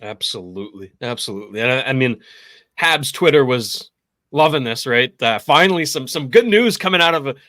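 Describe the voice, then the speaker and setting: A man's voice: on the high side, expressive, moderate pace, fairly bright tone, no room sound, studio quality. A man co-hosting a hockey podcast, chatting in an eager, agreeable way. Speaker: podcast co-host. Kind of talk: casual sports podcast chat.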